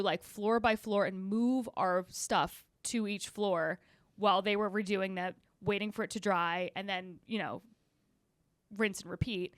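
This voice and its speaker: A pregnant woman in her thirties co-hosting a podcast, telling a story in animated, swearing bursts and acting out what people said. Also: mid-range voice, no room sound, clean studio sound. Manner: animated storytelling, swears freely, acts out quotes. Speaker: podcast co-host. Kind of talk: casual chat.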